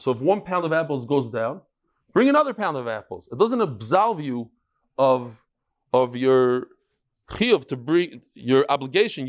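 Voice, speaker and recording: A man leads a daily Talmud class in a fairly high, very lively voice that rises and falls freely. He breaks each case down with rhetorical questions and homely examples, and his delivery stays animated. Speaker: Talmud teacher.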